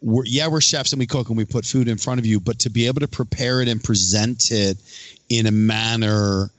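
A man's voice: lowish voice, fairly even intonation, a little fast, no echo. A man hosting a casual conversation, rambling with restarts and sarcastic asides. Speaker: podcast host. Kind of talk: casual chat.

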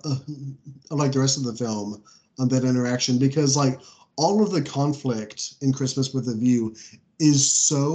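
A man's voice: medium pitch, dark tone. A man co-hosting a podcast, talking casually and rambling with many fillers and frequent laughs. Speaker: podcast co-host. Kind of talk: casual chat.

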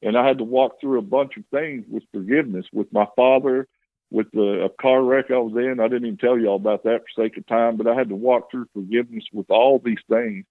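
A man's voice: medium pitch, fairly even intonation, fairly quick. A man tells his own story with earnest, plain-spoken feeling, his voice in a middle register. The sound is thin and tinny, like a phone line, with no room echo. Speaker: guest telling his testimony. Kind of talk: candid personal testimony.

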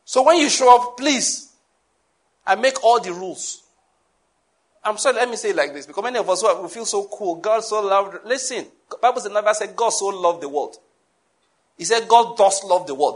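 A man preaching a sermon, emphatic, repeating key phrases and sometimes bursting into shouts. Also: high-pitched.

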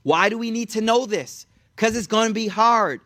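Animated high-voiced young man preaching. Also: moderate pace. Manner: animated, slangy, storytelling with quoted voices. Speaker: religious teacher. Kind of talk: casual sermon to young people.

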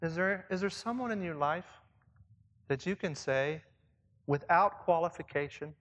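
A man's voice: a little high, moderate pace, a bit bright, dull audio. A man leading church leaders in a conversational sermon, reflective and asking his listeners questions. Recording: long reverb, as in a hall.

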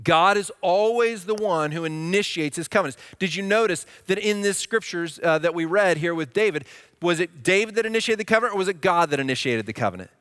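Pastor, male, young adult; bright, slightly high voice, dry close sound, talks through his sermon and keeps checking the room is with him. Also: lively intonation, fairly quick, clean tone, no room sound. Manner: conversational, checks in with listeners.

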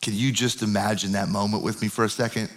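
A man preaching a sermon, telling a Bible story in a conversational, animated way. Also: lowish voice, quick pace. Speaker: pastor.

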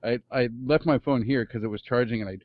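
A man co-hosting a podcast, trading relaxed banter and laughing often over a remote call. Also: mid-range voice, fast talker, no room sound, narrow, tinny audio. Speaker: podcast co-host. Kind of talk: casual chat.

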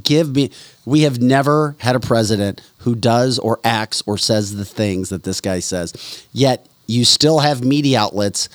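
A man's voice: mid-range voice, measured pace, dry recording. Indignant male political talk show host. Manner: indignant, emphatic, repeats phrases.

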